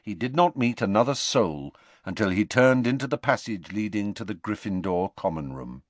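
A man narrating an audiobook in an expressive, measured storytelling manner. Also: fairly low pitch, no room sound. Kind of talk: scripted narration.

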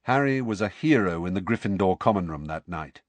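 A man reads a story aloud with a lively, expressive rise and fall, steady and measured. The sound is dry and close, with no room around it. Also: low voice, dry recording. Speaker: audiobook narrator. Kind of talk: storybook narration.

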